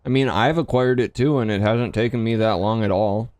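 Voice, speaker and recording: A man's voice: on the low side, a little fast, darkish tone, dry recording. A man, tipsy, co-hosting a let's play at home and bantering about the game with his partner. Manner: bantering, argumentative. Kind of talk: casual gaming chat.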